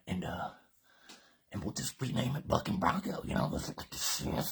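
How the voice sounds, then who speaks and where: A man's voice: fairly low pitch, wildly swooping pitch, measured pace, breathy edge. A man from Colorado hosting a live workout, joking around in casual banter and slightly winded from exercising. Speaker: fitness host.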